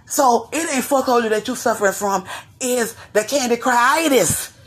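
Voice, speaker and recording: A woman hosts a casual gossip talk show, sassy and animated as she speaks straight to her listeners. Her voice is husky and sits a bit high. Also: normal speed. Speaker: host.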